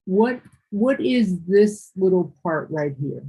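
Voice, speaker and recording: Husky woman teaching English. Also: mid-range voice, animated, takes it slowly, mellow, low-quality recording. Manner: patient, correcting and explaining. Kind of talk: one-on-one English lesson.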